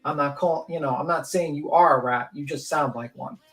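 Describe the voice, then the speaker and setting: A woman's voice: low voice, a little fast, distant mic, low-quality recording. A woman hosting a livestream panel, talking in a blunt, rambling and mocking way. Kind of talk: casual opinionated chat.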